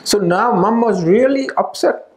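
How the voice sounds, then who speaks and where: Man, middle-aged, storyteller, gravelly, slightly high voice, acts out the people he quotes. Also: a little slow, a little mellow. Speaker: speaker at a spiritual retreat. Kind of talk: storytelling talk.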